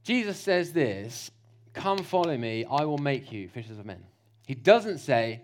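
A man preaching a lively, jokey sermon, slipping into mock voices to make his points. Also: a little high, normal speed.

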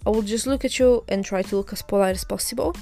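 A woman's voice: mid-range voice, fast, vocal fry, mellow, soft background music. A young woman hosting her own podcast, candidly retelling a bad experience in a casual, indignant way with some swearing. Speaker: podcast host. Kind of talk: casual storytelling monologue.

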